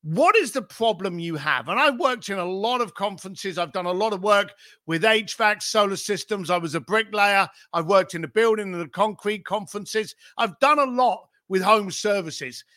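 A middle-aged man with a high, bright, sharp voice tells business stories in an emphatic, animated way. He strings rhetorical questions together and swears casually. The recording is close and dry. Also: moderate pace, no echo. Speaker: podcast guest.

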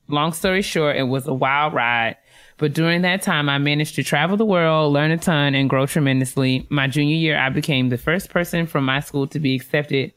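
A woman with a notably low voice co-hosts a casual podcast. She is chatty and laughs often, calling out to listeners. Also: fairly bright tone. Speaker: podcast co-host.

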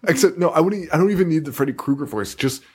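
A young man co-hosting a podcast in casual chat, animated and jokey, swearing freely and slipping into mock voices. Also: on the high side, fast talker, a crowd in the background. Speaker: podcast co-host.

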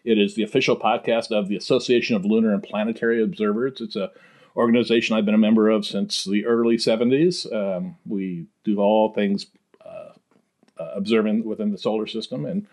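A man's voice: lowish voice, steady tone, brisk, darkish tone. Easygoing older man, guest on a podcast. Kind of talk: casual podcast chat.

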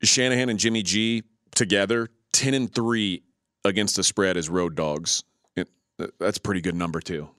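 A man analysing sports bets in a casual debate, rattling off statistics in a quick, matter-of-fact way. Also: on the low side, steady tone, fairly bright tone, no room sound, clean studio sound.

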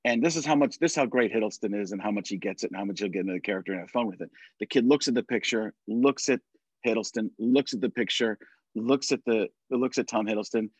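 A man chatting casually on a podcast, telling animated stories and slipping into quick impressions. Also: lowish voice, breathy edge, no room sound, poor audio. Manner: animated storyteller, drops into impressions. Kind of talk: casual chat.

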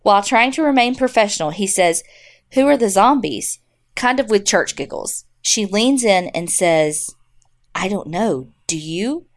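A woman's voice: medium pitch, lively intonation, measured pace. Wry woman reading listener stories. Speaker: podcast co-host. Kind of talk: casual chat and reading listener stories aloud.

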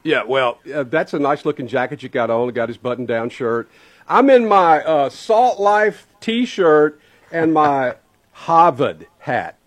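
A man's voice: fairly high pitch, animated, a little slow. A man co-hosting a morning radio talk show, chatty and joking, laughing easily. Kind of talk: casual morning radio chat.

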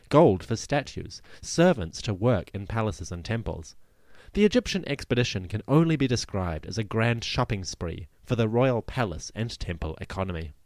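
A man hosting a history podcast, narrating from a script in a lively storytelling way with wry asides. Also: on the low side, dry recording, clean studio sound.

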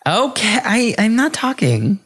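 A man's voice: high-pitched, very animated, measured pace. A man hosting a podcast in a casual chat, playful, giggly and camp. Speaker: podcast host.

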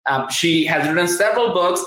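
A man's voice: high voice, fairly quick, fairly bright tone, roomy sound, rough recording. An enthusiastic man with a Southern US accent hosting a live-streamed interview, talking in rambling bursts with many restarts. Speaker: host.

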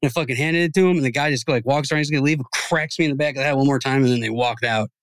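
Fast-talking man telling a story. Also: mid-range voice, clear, resonant tone, no echo. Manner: rambling, profane storytelling. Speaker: podcast host. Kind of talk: casual chat.

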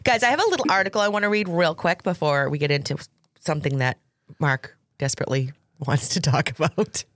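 A woman's voice: low-pitched, a little fast, fairly bright tone, dry recording, clean studio sound. A woman with a Massachusetts accent co-hosting a true crime podcast, chatting casually and reading news articles aloud with asides. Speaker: podcast co-host.

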